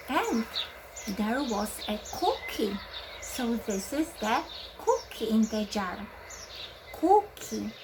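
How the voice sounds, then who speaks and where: A woman teaching English to young children, speaking in a slow sing-song and imitating animal sounds. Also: on the high side. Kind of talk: children's English lesson with songs. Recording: loud background noise.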